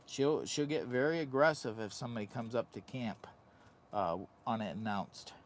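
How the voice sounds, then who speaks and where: A man's voice: medium pitch, normal speed, a little hiss or hum. A man hosting a casual camping vlog from inside a heated tent. He talks in a goofy, rambling, hyped-up way into a phone camera. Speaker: vlogger host.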